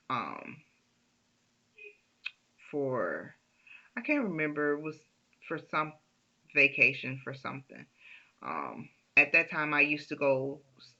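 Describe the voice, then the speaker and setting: A woman tells a personal story to her camera in an animated, emphatic way. Her voice is gravelly and very bright, and she takes her time. The recording is a little dull and lo-fi. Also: low-pitched. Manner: animated, emphatic retelling with frequent restarts. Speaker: vlogger telling a personal story. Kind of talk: casual storytime monologue.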